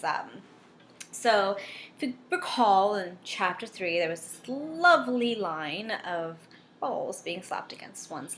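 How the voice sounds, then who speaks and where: A woman's voice: mid-range voice, fairly bright tone, slight background noise. Woman, reads a novel aloud, sarcastic, exasperated, casual. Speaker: reader of a novel with commentary.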